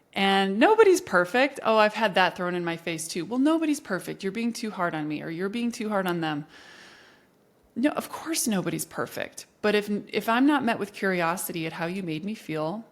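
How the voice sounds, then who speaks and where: A middle-aged woman hosting a talk show, giving personal advice in an earnest, encouraging way and speaking straight to the listener. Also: mid-range voice. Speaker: podcast host.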